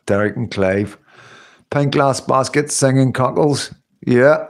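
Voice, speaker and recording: Man, livestream host, rambling casual chat, filler-heavy, mid pitch. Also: slow pace. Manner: rambling, chatty, many fillers and tag questions.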